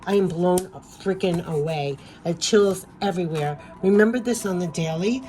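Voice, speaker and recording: Woman, tarot reader, lowish voice, gushing and emphatic, voice giving out, faint background noise. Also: moderate pace, dark tone. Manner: gushing, emphatic, repeats phrases. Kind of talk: spiritual card reading.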